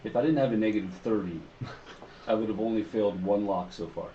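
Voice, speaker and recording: A man's voice: lowish voice, fast, dark tone. A man playing a tabletop game, chatting in a wry, easygoing way. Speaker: player. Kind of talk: casual tabletop game chat. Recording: echoey lo-fi with hiss.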